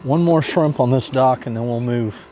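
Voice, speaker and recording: A man hosting a fishing vlog, talking excitedly to viewers as he fishes outdoors from a kayak. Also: medium pitch, normal speed, slight background noise. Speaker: fishing vlogger host. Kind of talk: casual running commentary.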